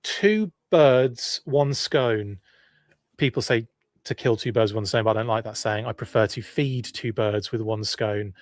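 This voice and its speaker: A well-spoken English man hosts a live stream in an easygoing, meandering way, stopping and restarting his thoughts as he answers viewers. His voice sits at an ordinary middle pitch. The recording is dry and close, with no room sound. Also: no echo. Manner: rambling and chatty, with frequent restarts and asides. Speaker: podcast host. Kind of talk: live-stream casual chat, reading viewer comments.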